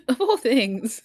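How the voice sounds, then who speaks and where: A woman playing a tabletop game, giggly and animated, telling stories with halting restarts. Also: fairly high pitch, husky, dry recording, clean studio sound. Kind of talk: in-character table banter.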